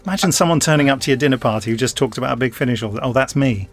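A man's voice: medium pitch, very fast, soft background music. A man hosting a podcast in casual, teasing chat. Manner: joking, teasing. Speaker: podcast host.

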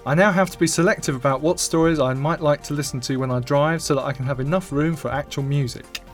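Male co-host reading emails, slightly high voice, faint music. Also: fast talker. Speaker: podcast co-host.

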